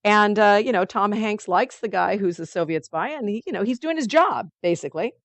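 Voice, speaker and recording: Woman, study group leader, mid-pitched, chatty teaching style, dry close sound. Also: lively intonation, fairly quick, no room sound. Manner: reads passages aloud, then comments in a chatty way; loose and conversational, with many fillers.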